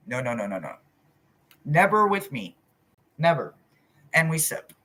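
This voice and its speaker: Speaking straight to her live-chat audience, this spiritual reader is animated, blunt and openly profane, her volume rising and falling. Her voice is low and a little slow, with long pauses and slight background noise.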